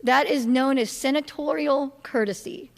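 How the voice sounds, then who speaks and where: A woman's voice: sits high, moderate pace, creaky. A woman teaching a political science class in a casual, chatty way, with many fillers and restarts, putting questions to her listeners. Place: classroom or lecture hall. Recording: long hall reverb.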